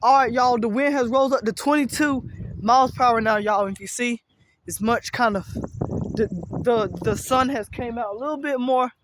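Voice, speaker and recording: High-voiced excitable man outdoors. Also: dry recording. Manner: excitable, rambling, repeats phrases, says y'all often. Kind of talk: casual outdoor weather vlog. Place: outdoors in strong wind.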